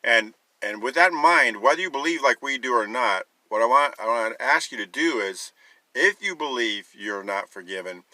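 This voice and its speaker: A man's voice: mid-range voice, lively intonation, moderate pace, sharp tone, no echo, rough recording. A man giving an emphatic sermon-style talk, urging listeners and piling up rhetorical questions, with a wry, sarcastic edge. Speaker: Christian teacher.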